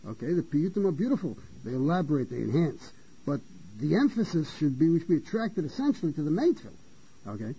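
A man with a fairly high but husky, mellow voice delivers a Torah lecture in a halting way, going back over his own words and asking questions he answers himself. The recording sounds dull and lo-fi. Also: very animated. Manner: halting, repeats and restarts phrases; poses rhetorical questions and answers them. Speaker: Torah teacher.

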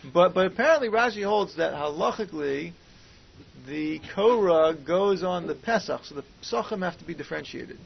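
This Talmud teacher has a high-pitched voice with vocal fry and speaks animatedly at normal speed. He asks questions and thinks aloud in Hebrew and Aramaic terms, captured in muffled, lo-fi audio with faint hiss.

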